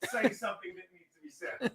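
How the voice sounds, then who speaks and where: A man hosting a casual football watch stream, loud and excitable, yelling at the game. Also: fast talker, background noise. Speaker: livestream host.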